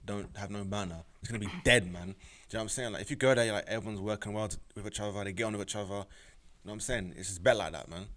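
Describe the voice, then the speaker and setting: A man's voice: lowish voice, very fast, fairly bright tone. A young man, co-hosting a casual chat in slangy, jokey talk. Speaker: podcast co-host.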